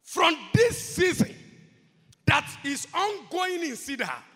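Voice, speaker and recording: A man's voice: very high-pitched, very animated, takes it slowly, pushed and bright, long reverb tail. A man preaching a sermon as pastor, impassioned and repetitive.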